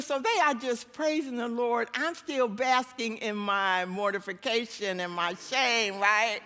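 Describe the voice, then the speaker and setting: A woman preacher with a high, bright voice tells a story from the pulpit at an unhurried pace. She is animated and self-mocking and laughs at herself. A long church-hall reverb trails her words. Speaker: guest preacher. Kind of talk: storytelling sermon.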